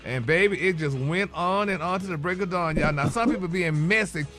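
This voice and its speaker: Man, sassy radio gossip reporter, high bright voice, a honey or baby in every line. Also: a little fast, faint music behind. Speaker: celebrity news reporter. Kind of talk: radio morning show gossip segment.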